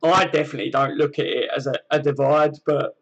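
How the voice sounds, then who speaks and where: Brief: southern English male host, slightly higher pitch, easygoing matey banter on a live stream. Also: flat delivery, fairly quick, husky, muffled recording. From southern England. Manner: chatty, matey banter with frequent fillers. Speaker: channel host reading live chat. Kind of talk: casual live-stream chat.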